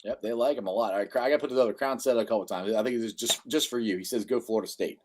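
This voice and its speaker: A man's voice: medium pitch, racing. A man from Cincinnati hosting a casual sports podcast live stream, enthusiastic and laughing at his own jokes. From Cincinnati, USA. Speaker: podcast host. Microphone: live-stream microphone.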